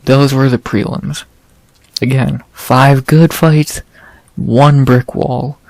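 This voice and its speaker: A man casually recapping fights, profane and exasperated, his frustration rising into loud rants. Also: medium pitch, flat delivery, slow pace, gravelly, dry recording. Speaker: podcast host recapping fights.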